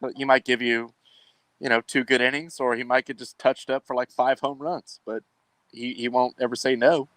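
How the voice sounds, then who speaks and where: Male host, relaxed wry sports banter, mid-range voice, dry recording. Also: medium pitch, moderate pace, no room sound. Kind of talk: casual sports chat.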